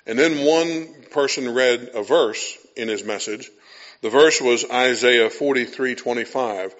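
A man's voice: mid-range voice, moderate pace, a bit bright, lo-fi sound. Man preaching a conversational sermon. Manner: conversational preaching, acts out quoted voices. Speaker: pastor.

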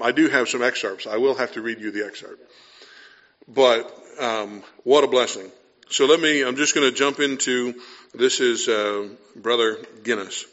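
A man preaching a sermon in an easy, conversational manner, his voice sitting at an ordinary middle pitch. He slips into little acted-out voices for the people he quotes. The recording sounds slightly dull and muffled. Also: fairly bright tone. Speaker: pastor.

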